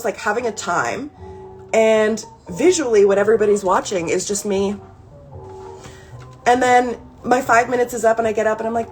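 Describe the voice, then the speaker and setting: A woman in her thirties talks casually on a live stream, blunt and candid, dropping swear words and drifting off topic. Soft ambient music plays faintly behind her. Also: on the high side, animated. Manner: candid, swearing, quick digressions with laughing asides. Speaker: creator reading a therapy workbook on a live stream.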